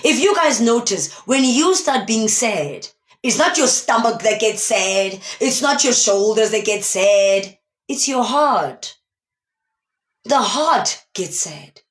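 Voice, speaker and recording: Brief: South African woman, motivational live streamer, emphatic and preachy, voice a little high and very animated, echoey room. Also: slow. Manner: emphatic, preachy, asks many rhetorical questions. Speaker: motivational speaker.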